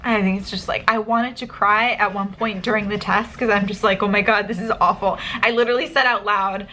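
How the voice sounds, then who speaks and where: A woman talks straight to her camera in a loose, rambling way, full of fillers and restarts. She sounds tearful and worn out after a stressful exam, her voice sitting at an ordinary middle pitch. A faint hiss of noise runs underneath. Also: fairly even intonation, brisk, sharp tone. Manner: rambling, emotional, with many fillers. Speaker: vlogger. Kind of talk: casual talk to camera.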